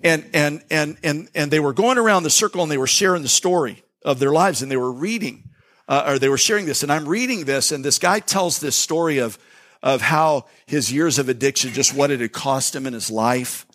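A man preaching a sermon as a pastor, telling a story earnestly with many restarts, then slowing into a hushed prayer. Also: a little high.

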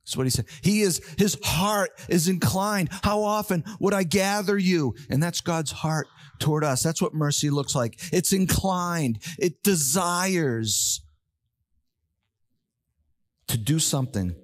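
An older man preaching a sermon as pastor, emphatic, slowing down and repeating key words to drive them home. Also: a little high, lively intonation.

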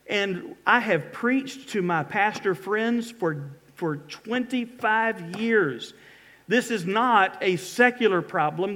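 A man's voice: high-pitched, fairly bright tone. A middle-aged man preaching a sermon as pastor, reading scripture with dramatic emphatic pleas.

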